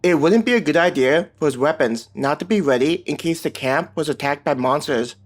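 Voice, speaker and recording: Male audiobook narrator, slightly high, calm scripted reading. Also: fairly quick. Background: soft background music.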